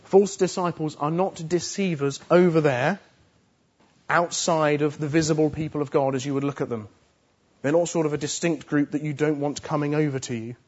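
Male preacher, earnest and emphatic, somewhat high voice, muffled lo-fi sound. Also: steady tone, normal speed, a little mellow, breathy edge. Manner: earnest, emphatic, repeats phrases for stress. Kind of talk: sermon.

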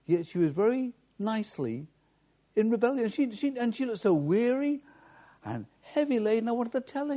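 A man's voice: very high-pitched, sing-song, normal speed, dark tone. A man, a pastor preaching a sermon directly and earnestly to his congregation.

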